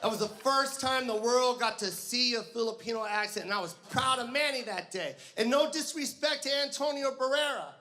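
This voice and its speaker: A male stand-up comedian telling stories with animated, profane delivery, shouting his punchlines on stage. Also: very high voice, moderate pace, hardly any pauses. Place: comedy stage before a live audience. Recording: live stage mic with audience and room noise.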